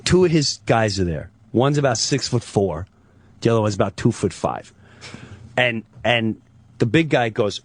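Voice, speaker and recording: Comic raconteur, male, lively swoops in pitch, dry close mic, acts out every part. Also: moderate pace, dry recording. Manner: animated, acts out voices. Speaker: comedian guest. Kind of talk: comic storytelling on radio.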